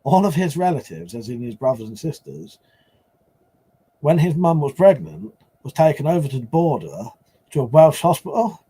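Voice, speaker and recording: A man's voice: fairly high pitch, big pitch swings, moderate pace, dark tone, husky. A man hosting a casual live stream, rambling and swearing as he answers chat.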